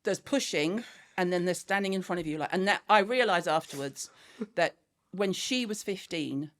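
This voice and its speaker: A middle-aged woman guest with a mixed Scouse and West London accent, telling a family story in animated, blunt chat and swearing freely. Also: fairly low pitch, normal speed. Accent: Scouse and West London mix. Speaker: guest, skincare founder.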